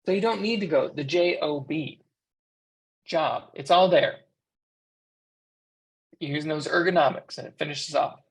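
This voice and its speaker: Here a medium-pitched, gravelly voice speaks at a measured pace with frequent pauses. It belongs to an American-accented interpreter voicing a sign language instructor's lecture, teaching conversationally and posing rhetorical questions to the class.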